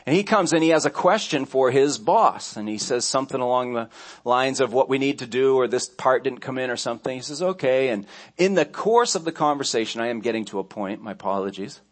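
A man's voice: mid-range voice, expressive, a little fast. A man pastor delivering a sermon, telling stories conversationally, with restarts and asides along the way.

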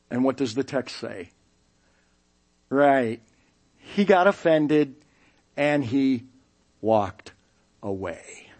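A middle-aged man preaching a sermon as pastor, telling stories in an animated way and acting out the people he quotes. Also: mid-range voice, extremely slow, pauses often. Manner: animated storytelling, acting out quoted voices with laughs.

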